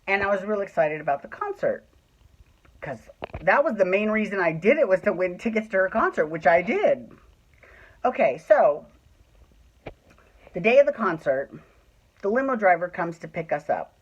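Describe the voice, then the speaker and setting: A man's voice: high-pitched, big pitch swings, normal speed, long pauses, dull audio. A man telling a personal story in a casual, chatty way, swearing freely and acting out what people said. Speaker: storyteller host.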